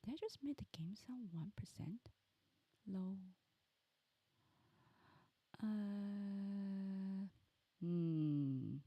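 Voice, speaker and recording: A woman's voice: mid-range voice, very slow, long pauses, dry recording, muffled recording. A woman game streamer chatting casually on a live stream, thinking aloud and muttering to herself as she fiddles with her audio settings.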